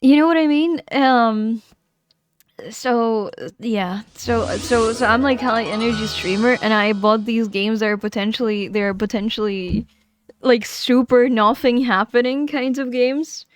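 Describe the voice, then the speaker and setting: A woman's voice: a little high, fairly even intonation, measured pace, soft background music. A woman live streamer chatting casually into a streaming microphone, rambling, giggling and correcting herself as she goes. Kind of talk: casual livestream chat.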